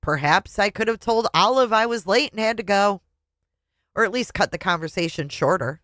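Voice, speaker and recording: Woman reading a book out loud w/ commentary, expressive, medium pitch, dry close sound. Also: normal speed, no room sound. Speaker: book reviewer. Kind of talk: reading a memoir aloud with commentary.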